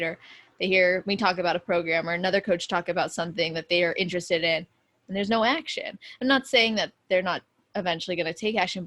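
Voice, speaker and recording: A woman's voice: fairly low pitch, fairly bright tone. A woman hosting a podcast interview, effusive and affirming, talking casually with lots of fillers. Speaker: podcast host.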